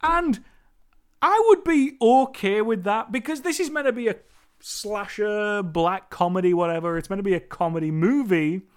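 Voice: medium pitch, moderate pace, clean tone. A movie reviewer talking through a film in a rambling, chatty monologue, swearing casually now and then.

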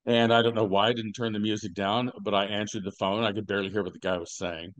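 An older man hosting a podcast, telling rambling stories with deadpan jokes and lots of fillers. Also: lowish voice, fast, no room sound. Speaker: podcast host. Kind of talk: casual podcast chat.

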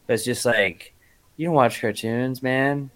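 A man co-hosting a podcast, chatting casually and ranting in an animated, slangy way. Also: medium pitch, measured pace. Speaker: podcast co-host. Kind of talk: casual chat.

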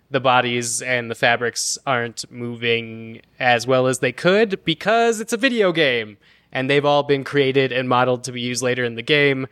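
A man's voice: mid-range voice, a bit bright, clean tone, dry recording. A man co-hosting a pop culture podcast, talking at length with enthusiasm and many fillers. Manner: enthusiastic, detailed, lots of fillers. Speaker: podcast co-host. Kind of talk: casual pop culture chat.

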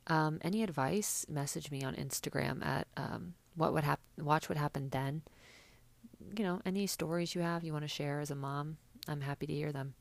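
A woman's voice: deep voice, normal speed, vocal fry, no room sound. A young woman chatting casually and sarcastically as a podcast host, with many fillers. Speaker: podcast host recapping reality TV. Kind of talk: casual chat.

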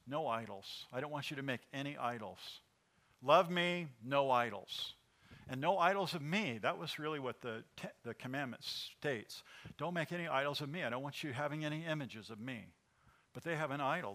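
Bright-voiced preaching pastor. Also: male voice, mid-range voice. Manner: animated preaching with rhetorical questions. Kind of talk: sermon.

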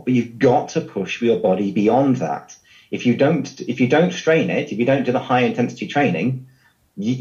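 A man with a low voice talks a podcast host through his field as a trainer. He explains steadily and leans on everyday comparisons. The sound is a little dull and muffled. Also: mellow. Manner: explanatory, uses analogies. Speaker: fitness trainer guest. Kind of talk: podcast interview.

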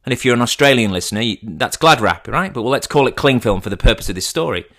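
A man's voice: mid-range voice, animated, fast talker, a bit bright. A man in his thirties hosting a podcast, telling a story in a chatty, teasing way. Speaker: podcast host. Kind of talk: comic storytelling.

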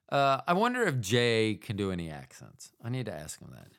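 A man's voice: medium pitch, sing-song, normal speed, few pauses, a bit bright, clean tone. A man from the United States hosting a podcast, talking in a meandering, self-mocking monologue that keeps trailing off into asides. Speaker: podcast host. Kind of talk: rambling casual monologue.

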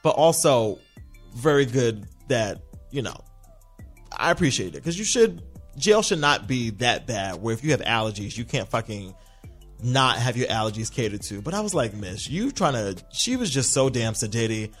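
Male podcast host, animated and sassy, pitch jumping all over, faint music underneath. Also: normal speed. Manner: animated, sassy, slips into mocking voices. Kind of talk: casual TV recap monologue.

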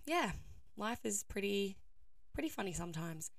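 A young woman hosts her own podcast in a loose, chatty way. Her voice is croaky and hoarse, and she laughs often and fills her sentences with easy fillers. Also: medium pitch, very animated, moderate pace, no echo, clean studio sound. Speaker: podcast host. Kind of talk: casual solo podcast chat.

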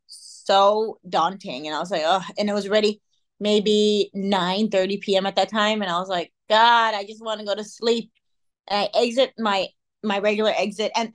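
Casting note: young woman, chatty co-host, lively storyteller who acts out what people said, mid-range voice. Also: medium pitch. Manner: animated, acts out quotes, laughs often. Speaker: podcast co-host. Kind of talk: casual chat, storytelling.

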